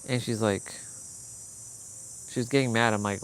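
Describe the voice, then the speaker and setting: A man's voice: medium pitch, steady tone, a little slow, pauses often, clean tone. Young adult male vlogger, raw and candid, recounting a past fight. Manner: candid, swearing, quoting others in heated bursts. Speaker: fitness vlogger. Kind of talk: emotional personal storytelling.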